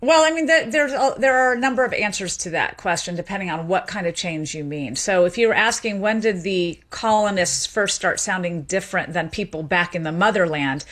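A woman with a Southern US accent talks at length as an interview guest, explaining her field with lively energy. Her voice sits at a middle pitch, and she scatters "you know" and light laughs through long answers. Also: brisk, few pauses. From Memphis, Tennessee, USA. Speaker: guest linguistics professor.

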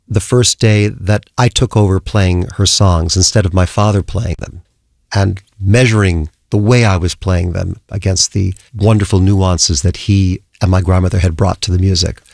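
An older man speaks with a low, gravelly voice in a close, dry studio recording. He tells thoughtful stories about music, unhurried and reflective, as a conductor in a radio interview. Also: steady tone, darkish tone, no echo. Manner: thoughtful, storytelling, puts on voices in anecdotes.

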